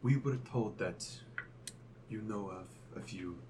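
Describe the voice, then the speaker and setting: Deep-voiced male player, noisy line. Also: takes it slowly. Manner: low-key, dry remarks. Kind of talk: tabletop game play.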